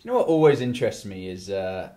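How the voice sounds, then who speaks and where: An English podcast host rambles through a casual talk-show chat, full of asides, restarts and "you know"s. His lowish, mellow voice is animated and fast.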